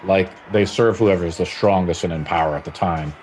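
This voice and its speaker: Brief: low-voiced, rambling male game master. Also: a little fast, darkish tone, slight background noise. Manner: rambling, lots of "like" and "you know". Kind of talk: narrating a tabletop game.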